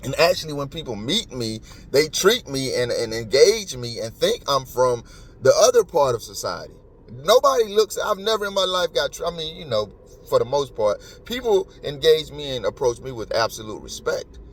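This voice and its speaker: A man's voice: medium pitch, sing-song, moderate pace. A man hosting a podcast, talking in an emotional, emphatic and rambling way. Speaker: podcast host. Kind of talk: casual commentary.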